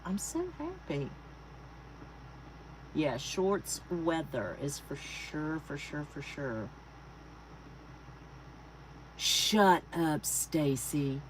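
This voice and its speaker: This craft livestream host, a middle-aged Southern-accented woman from Texas, speaks at a fairly low pitch while casually greeting her viewers by name. A faint hum from an air conditioner runs under the low-quality audio.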